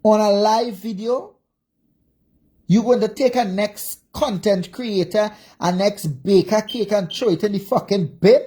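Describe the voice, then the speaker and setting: This social media commentator is a Jamaican-accented woman whose medium-pitched, dark, slightly rough voice stays unhurried even as she lets loose an angry livestream rant. She keeps up a steady stream of profane insults and repetitive cursing.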